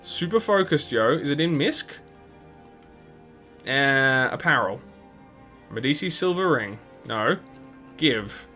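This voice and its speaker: A man's voice: medium pitch, lively intonation, slow, pauses often, pushed and bright. A man hosting a let's play, giving chatty, rambling gameplay commentary full of restarts and laughs. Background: game music.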